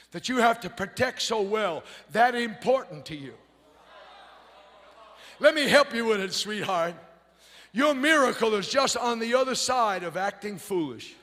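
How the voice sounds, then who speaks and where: A man preaching a fiery revival sermon, shouting and whooping in a folksy, rousing way. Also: extremely high pitch. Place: church sanctuary.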